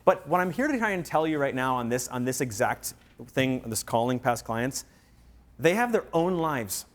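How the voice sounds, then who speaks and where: A man's voice: mid-range voice, animated, moderate pace. A man giving a workshop talk to real estate agents, telling stories and acting out quoted voices with energy.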